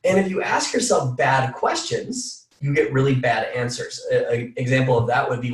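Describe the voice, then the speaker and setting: A man giving an energetic motivational coaching talk, repeating phrases for emphasis. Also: mid-range voice, normal speed, hardly any pauses, echoey room, distant mic. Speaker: team call speaker.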